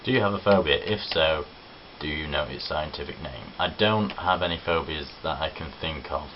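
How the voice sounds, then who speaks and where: A man's voice: rumbling low, moderate pace. A young man chatting casually to camera, answering viewer questions in a cheerful, chatty way and swearing freely. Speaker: vlogger. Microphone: camera on tripod. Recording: dull lo-fi camera audio with hiss.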